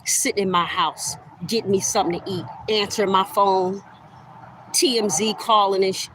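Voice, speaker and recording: A woman's voice: mid-range voice, steady tone, moderate pace, fairly bright tone, a little hiss or hum, rough recording. Middle-aged woman ranting at the camera, calling everybody out, heated and repetitive. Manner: accusatory, addresses listeners as y'all; emphatic, heated, repeats phrases. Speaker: vlogger. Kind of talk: direct-to-camera rant.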